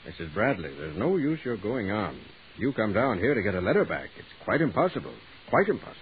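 A man's voice: lowish voice, a little fast. An actor playing a formal male postal official who speaks firmly, in 1940s radio acting style. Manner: formal and firm, with lively ups and downs. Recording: tinny old radio broadcast with hiss.

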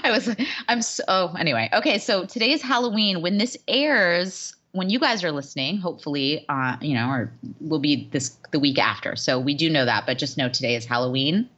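A woman co-hosting a podcast, chatting casually and telling animated stories, acting out the people she quotes. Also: sits low, a little fast, hardly any pauses, highs cut off. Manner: animated, laughing storyteller who acts out quotes. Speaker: podcast co-host. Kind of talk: casual chat.

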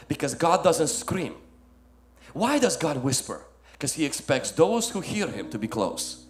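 A male pastor preaching a sermon, swinging from loud emphatic lines to soft ones and calling listeners "my friend". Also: on the high side.

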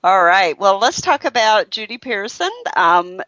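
A woman talk radio host with a Southern US accent, reading guest introductions in an upbeat, emphatic way. Her voice sits at a middle pitch. The sound is dry and a little dull. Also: animated, a little slow, fairly bright tone, no room sound.

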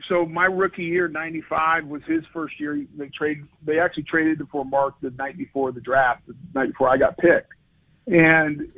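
Earnest, animated man on a phone-line radio interview. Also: on the high side, creaky, husky. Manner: earnest, animated storyteller with many restarts. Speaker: interview guest, former football lineman. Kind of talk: conversational interview storytelling.

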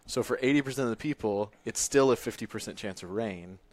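A man's voice: mid-range voice, fast talker, no room sound. A man who reports the weather for the show, firmly correcting someone's numbers in casual studio talk. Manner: firm, correcting, emphatic.

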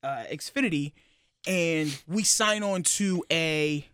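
A young man co-hosting a podcast, talking casually and explaining things haltingly, with many restarts. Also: a little high, a bit bright, smooth, dry recording. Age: young adult. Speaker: podcast co-host. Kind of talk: casual chat. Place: radio building studio.

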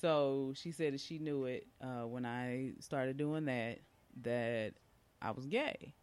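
A man's voice: medium pitch, slow pace, smooth. Chatty man telling a story. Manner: chatty, warm-hearted, with asides and fillers. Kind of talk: casual storytelling monologue.

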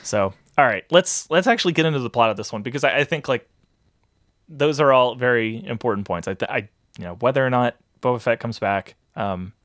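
A man's voice: mid-range voice, brisk, a bit bright, no room sound, studio quality. A man hosting a casual podcast chat, explaining steadily and thoughtfully with hesitant restarts. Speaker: podcast host.

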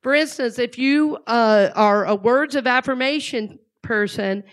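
A woman's voice: on the high side, measured pace. Chatty woman addressing a live audience. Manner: conversational, asks the audience questions. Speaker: speaker.

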